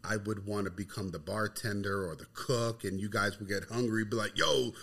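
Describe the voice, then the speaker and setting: A man's voice: fairly low pitch, fairly even intonation, fairly quick, a bit bright. A man co-hosting a podcast, telling laid-back stories and swearing freely in casual chat. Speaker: podcast co-host.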